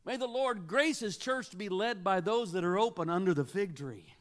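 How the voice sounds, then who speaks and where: A man in his sixties gives a sermon as a guest preacher. His voice sits high for a man. He tells the story dramatically, sinking to near whispers and then building to emphatic peaks. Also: animated, moderate pace.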